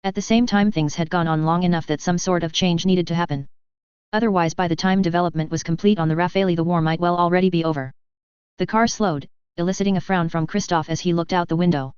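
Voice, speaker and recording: Smooth, resonant audiobook narrator. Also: medium pitch, fast talker, no echo, lo-fi sound. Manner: steady, formal storytelling. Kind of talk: scripted narration.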